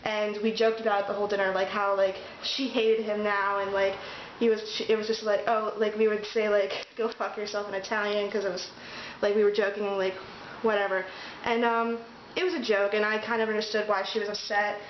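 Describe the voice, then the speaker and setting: Young American woman, casual rambly vlog talk, flat delivery, roomy echo. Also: medium pitch, fairly quick, slight background noise. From United States. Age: young adult. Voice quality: rambling, many fillers and restarts. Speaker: vlogger. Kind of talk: casual chat. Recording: echoey room, dull sound.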